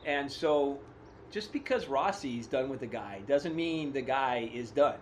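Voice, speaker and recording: A man's voice: mid-range voice, animated, measured pace, a little hiss or hum. A man co-hosting a podcast in casual chat, teasing his partner and laughing often while he makes long, rambling points. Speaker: podcast co-host. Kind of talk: casual chat about motorcycle racing.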